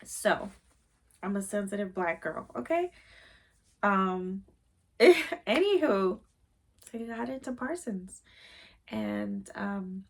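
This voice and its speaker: A woman's voice: mid-range voice, a bit bright. A woman vlogger in casual chat, rambling with many fillers and openly sensitive about her feelings.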